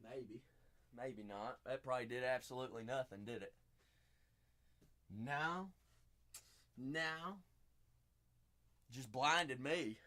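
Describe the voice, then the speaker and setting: A man's voice: medium pitch, takes it slowly, long pauses, a bit bright. Chatty Southern man hosting a stream. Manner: chatty, drawling, talks to viewers by name. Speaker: card break host. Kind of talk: live-stream card break chat.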